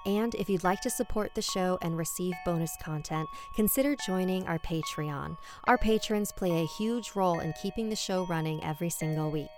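A woman hosts a horror podcast and reads a scary story in a hushed, measured voice. Her tone sits slightly low. Music plays under her narration the whole time.

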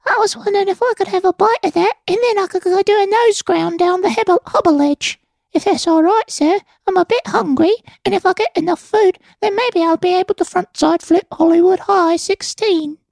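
A man's voice: extremely high pitch, fairly quick, gravelly, darkish tone, no echo, voice pushed up. A man voicing a hungry, meek little British boy who skateboards, asking politely and timidly for food in an improv comedy bit. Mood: pleading.

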